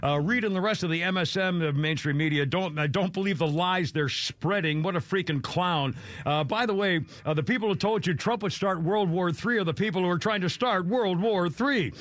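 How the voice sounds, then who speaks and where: A man's voice: high-pitched, a little fast, hardly any pauses, fairly bright tone, dry recording. A man hosting a talk radio show, ranting in anger with mild swearing, often breaking off and starting over. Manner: angry, swearing, trailing off and restarting. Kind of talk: heated talk radio rant.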